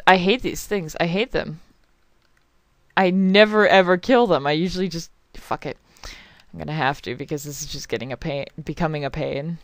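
A woman's voice: low-pitched, moderate pace, no room sound. A young woman rambling and swearing through casual let's play commentary as a game channel host, apologizing often.

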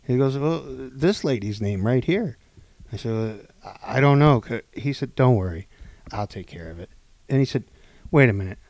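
A man on a podcast telling a long story casually, acting out the people in it and swinging between loud and hushed delivery. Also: mid-range voice, normal speed, dry recording. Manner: animated, acts out quoted dialogue, swings between loud and hushed. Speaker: podcast co-host.

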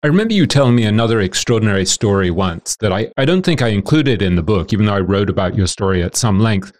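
A man's voice: fairly low pitch, expressive, fast talker. A man hosting a podcast, asking long, thoughtful, winding questions. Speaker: podcast host, interviewer. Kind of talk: interview questions.

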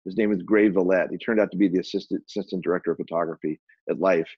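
A man, a photographer and publisher, telling an animated anecdote as an interview guest, with many restarts. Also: low voice, racing, gravelly, slightly rough, dry recording, highs cut off. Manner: animated, acts out quoted dialogue, frequent restarts.

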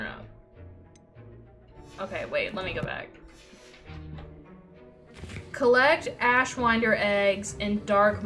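A woman's voice: on the high side, fairly bright tone, rough recording. Chatty swearing woman streaming a game. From United States. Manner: chatty, swears, reads dialogue aloud. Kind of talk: casual gameplay commentary. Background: game music.

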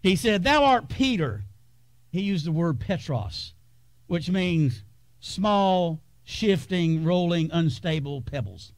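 A man delivers a sermon from the pulpit in a fairly high voice. He builds with dramatic pauses and sometimes sinks to a hush. The recording is close and dry, with little room sound. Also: animated, dry recording. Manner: preaching with dramatic pauses and sudden hushed drops. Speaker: pastor. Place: church sanctuary.

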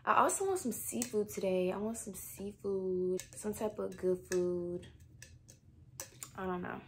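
A woman's voice: mid-range voice, slight background noise. Chatty young woman vlogger. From Texas. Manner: chatty and animated, drawn-out exclamations; often drops to a soft whisper. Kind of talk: casual vlog chat. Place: at home indoors.

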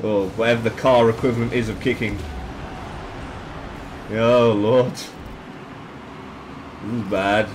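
A man commentating his own gameplay excitedly, yelping, swearing and shouting at each play. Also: lowish voice, slow pace, long pauses, noisy background. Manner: excitable, yelps and shouts at plays, swears, laughs often.

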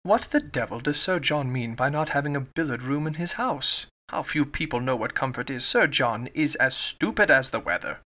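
A man voicing a rude, grumbling gentleman in an audiobook, dry and complaining. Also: medium pitch, lively intonation, normal speed, few pauses.

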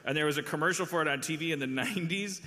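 A man's voice: a little high, very fast, bright, forceful tone. A man from Milwaukee hosting a live comedy podcast on a theater stage, rambling and mocking himself as he tells stories. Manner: rambling, self-mocking storytelling. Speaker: podcast host. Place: large theater stage before an audience. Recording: live theater with hall reverb.

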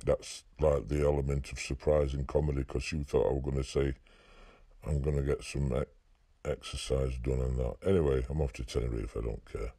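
Man doing a deep deadpan Yorkshire animal. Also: a little fast, creaky, no echo, clean studio sound, heavily acted. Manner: deadpan, rambling joke-telling. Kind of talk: comic animal voice-over.

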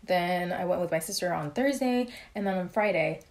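A young adult woman chatting casually in a haul vlog, rambling and excitable as she shows her shoes. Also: fairly low pitch, moderate pace, noisy background. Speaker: vlogger.

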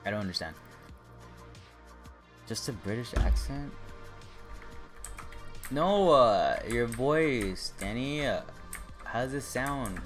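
A young man chatting casually while he plays a game on stream, rambling and excitable, teasing the people he talks to. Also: medium pitch. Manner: rambling, excitable, quick to tease. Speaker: gaming streamer. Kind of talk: casual chat while gaming. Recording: stream with music playing under the voice. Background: game music and keyboard typing.

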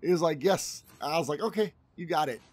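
A man's voice: on the high side, fast, darkish tone, breathy edge. A man giving casual let's-play commentary as a gaming channel host, rambling, repeating himself and swearing freely.

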